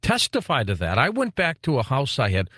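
A middle-aged man from Detroit, hosting a radio talk show in a chatty, animated way. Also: medium pitch, fairly quick, dry recording, studio quality. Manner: animated and chatty, stammers at starts. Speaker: radio host.

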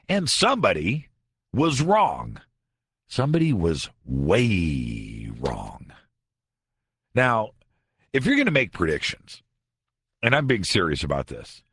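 Late-night radio host, man, very low voice, husky, sarcastic studio monologue. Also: no room sound. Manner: sarcastic, conversational, animated. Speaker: radio talk show host.

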